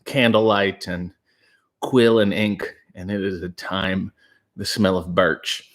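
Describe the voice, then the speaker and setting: A young man hosting a casual livestream, reading chat messages aloud and answering with dry, deadpan jokes. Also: deep voice, slow. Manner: deadpan, dry jokey asides.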